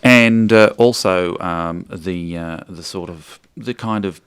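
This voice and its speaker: Deadpan low-voiced Australian man. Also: slow pace, clean tone. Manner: deadpan, dry, rambling. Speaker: comedic guest co-host. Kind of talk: deadpan comedic radio banter. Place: radio studio.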